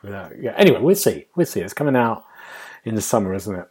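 Husky low-voiced man, musing. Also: big pitch swings, fast, darkish tone. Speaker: podcast host and game reviewer. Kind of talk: casual podcast chat.

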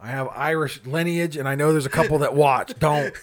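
A man co-hosting a paranormal podcast, casual and animated, swearing and laughing often. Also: fairly high pitch, fairly quick. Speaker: podcast co-host.

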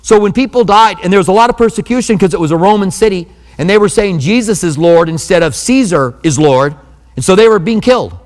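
A man's voice: high voice, animated, fast talker, long reverb tail. A man preaching a sermon as pastor, in a conversational manner with humorous asides.

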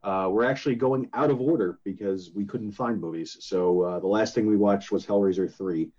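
A man's voice: on the low side, moderate pace, a little mellow, muffled recording. A man co-hosting a podcast, rambling through casual chat with a lot of hesitation and fillers. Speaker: co-host.

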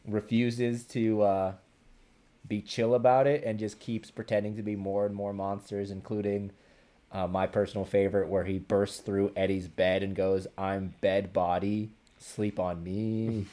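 Low-voiced young man in casual chat. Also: flat delivery, moderate pace, dark tone. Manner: rambling, many ums and restarts, joking. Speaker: podcast host.

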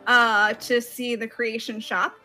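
A woman's voice: on the high side, level tone, takes it slowly, sharp tone, soft background music. A woman co-hosting a podcast, chatting in a playful, coy, teasing way. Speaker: podcast co-host, travel agent. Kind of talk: casual podcast chat.

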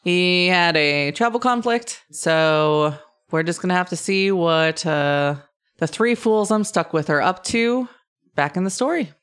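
A woman game master describing a scene in an unhurried way. Her voice sits low and she pauses often to find the next words. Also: fairly bright tone, smooth. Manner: measured, with frequent pauses and fillers. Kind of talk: narrating a tabletop game.

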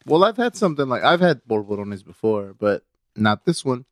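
Male co-host, easygoing, laughs a lot, mid pitch, dry close sound. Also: very animated, normal speed, no room sound. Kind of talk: casual chat.

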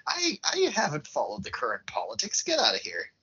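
Brief: man, casual podcast retelling as an exasperated young man shooing off a reporter, husky tone. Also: fairly high pitch, huge pitch swings, fairly quick, sharp tone, exaggerated voice. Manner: exasperated, dismissive. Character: irritated young man waking from a coma, brushing off a reporter. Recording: muffled lo-fi podcast audio.

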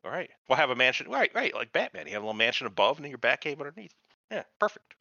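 A man's voice: medium pitch, very animated, racing, gravelly, pushed and bright, no room sound, muffled recording. A man in casual podcast chat, rambling and profane, acting out the voices of people he describes. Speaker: podcast host.

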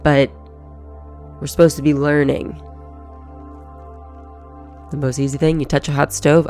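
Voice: medium pitch, little pitch movement, measured pace, pauses often, darkish tone, soft background music. A podcast host giving a casual, profane motivational monologue and acting out everyday inner thoughts.

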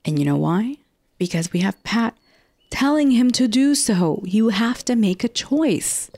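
A woman's voice: fairly high pitch, lively intonation, measured pace, darkish tone, no echo. A woman hosting a casual podcast recap, chatty and rambling, with frequent restarts and casual swearing. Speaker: podcast host recapping a TV episode. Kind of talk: casual chat.

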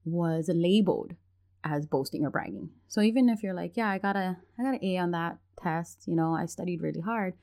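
A woman with a fairly low voice tells a story in a casual, chatty way. She acts out the voices of the people she quotes and laughs often as she talks. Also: brisk, gravelly, warm tone. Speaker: parent sharing a story.

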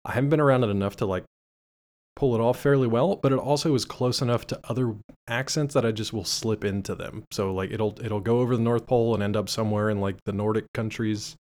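A man's voice: fairly low pitch, steady tone, fast talker, darkish tone. A man with an Eastern Pennsylvania accent co-hosting a podcast, chatting casually in an upbeat, jokey, rambling way. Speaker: podcast co-host.

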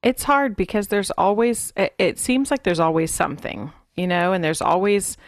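A woman's voice: mid-range voice, moderate pace, no room sound, studio quality. A woman from Texas, co-hosting a parenting podcast in a chatty, rambling way. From Texas, USA. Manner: chatty, rambling, frank about tiredness. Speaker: podcast co-host. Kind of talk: casual parenting podcast chat.

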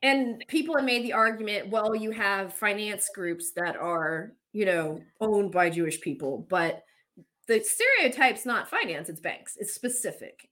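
A woman's voice: medium pitch, fairly bright tone. A woman hosting a casual chat, talking candidly and swearing now and then as she runs through what she looked up. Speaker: host.

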